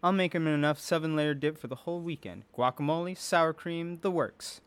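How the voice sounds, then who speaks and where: Man doing a gentle, even-toned mother. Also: a little high, fairly quick, smooth, voice pushed up, close to an everyday voice. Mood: soothing. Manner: soft, calm and even. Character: gentle patient mother, kind and even-tempered.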